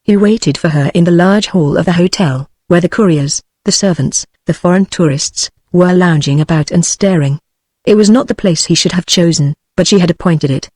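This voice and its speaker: A synthetic text-to-speech woman's voice with a British English accent, reading a novel aloud in an even, machine-like way. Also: lowish voice, normal speed, husky, dry recording. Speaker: audiobook narrator. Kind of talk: text-to-speech audiobook narration.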